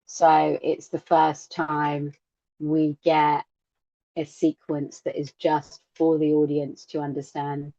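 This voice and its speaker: A woman co-hosting a podcast in casual chat, animated and acting out quotes in lively voices. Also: sits low, slow, no room sound. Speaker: podcast co-host. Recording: dull lo-fi sound.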